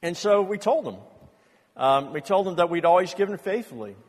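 Middle-aged pastor preaching in a reverberant hall. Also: male voice, sits high, lively intonation, brisk. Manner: earnest storytelling, builds to loud impassioned outbursts. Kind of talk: sermon. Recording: long reverb of a large hall.

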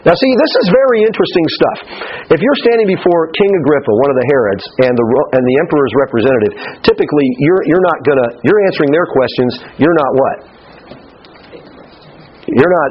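A man leads a Bible study with a lively, swinging voice, stammering and laughing between points. The recording is dull and lo-fi with a faint hiss behind it. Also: on the high side. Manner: animated, laughing asides, stammering restarts. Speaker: Bible teacher.

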